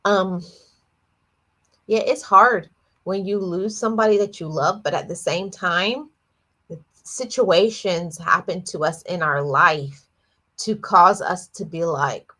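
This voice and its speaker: A woman's voice: on the low side, slow pace, sharp tone. A woman hosting a livestream, talking earnestly and reflectively about her own life, often repeating words and restarting sentences. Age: adult, lost her father at eighteen years ago. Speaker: livestream host. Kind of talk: reflective personal talk on a livestream.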